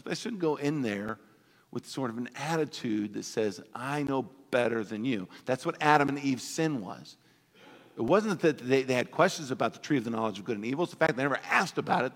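Bright-voiced pastor in an echoing hall. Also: male voice, on the high side. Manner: animated, acts out voices of toddlers and parents for laughs. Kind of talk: sermon.

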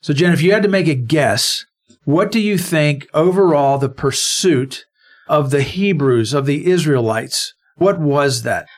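A man's voice: a little high, lively intonation, measured pace. A man co-hosting a conversational Bible study, explaining verses and stressing single words. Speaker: Bible teacher and co-host.

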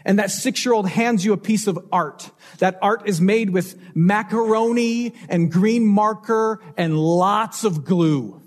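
A man's voice: high-pitched, measured pace, hardly any pauses. A man preaching a sermon as pastor, telling stories and asking rhetorical questions with changing emphasis.

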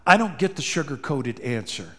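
A male pastor preaching an animated sermon that acts out quoted dialogue. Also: medium pitch, moderate pace, slightly rough. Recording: long reverb in a large hall.

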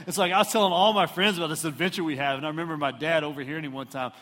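A middle-aged preacher from Houston, Texas, speaks rapid-fire in a fairly high voice, delivering a storytelling sermon in a reverberant hall. Animated and self-mocking, he tells funny stories and acts out the different voices.

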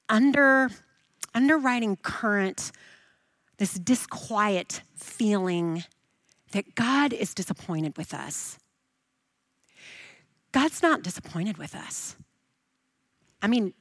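A woman preaching a sermon, swinging from emphatic, raised lines to soft, hushed reassurance. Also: a little high, no room sound.

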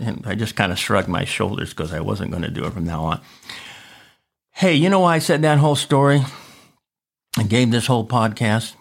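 A man preaching on a podcast through a personal story, animated and chuckling often as he tells it. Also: on the low side, normal speed, creaky.

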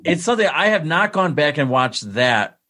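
A man in a casual conversation, relaxed and enthusiastic as he recalls films he loves. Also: on the high side, normal speed. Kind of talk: casual chat.

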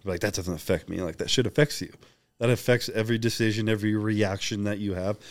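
A man's voice: lowish voice, fairly even intonation, no room sound. A young man speaking as a podcast guest, candid and profane, acting out the lines of people in his stories. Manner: fast, open and profane, acting out quoted dialogue. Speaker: guest, bodybuilding champion.

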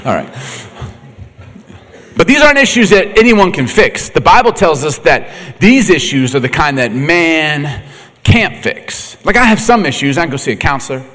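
Middle-aged male pastor, lively swooping delivery, laughs often, echoey hall. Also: a little high, moderate pace. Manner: animated, laughing, acts out quotes. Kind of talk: humorous sermon storytelling.

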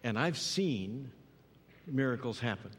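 A man's voice: mid-range voice, expressive, slow pace, slight background noise. A man preaching a sermon in earnest, often repeating phrases and checking in with "right?". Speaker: pastor. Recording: long hall reverb.

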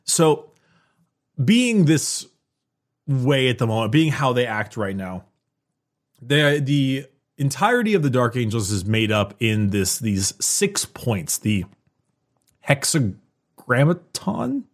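A man's voice: mid-range voice, expressive, slow. A man explaining game lore at length in a casual podcast conversation, with frequent restarts.

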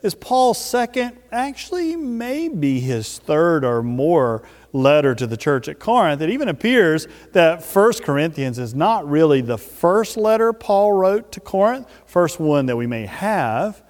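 A man preaching a sermon as pastor, emphatic, with slow drawn-out stresses. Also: a little high, very animated, a little mellow, in a large hall.

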